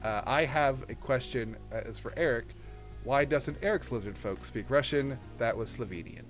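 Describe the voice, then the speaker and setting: A man hosts a loose, jokey chat at an everyday middle pitch. Music plays clearly underneath while he riffs playfully with his guests over a video call. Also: moderate pace. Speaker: host. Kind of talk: casual podcast chat.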